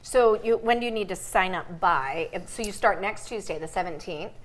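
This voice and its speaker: A woman co-hosting a casual chat, bubbly and quick to exclaim. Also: mid-range voice. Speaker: co-host.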